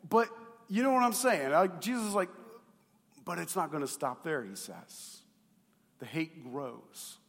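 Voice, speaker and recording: Male pastor preaching to a congregation, a touch high-pitched, lively swings in volume, chatty asides, long church reverb. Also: unhurried, vocal fry, pauses often. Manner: animated, swings between loud emphasis and quiet asides; conversational, asks the congregation questions. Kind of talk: sermon.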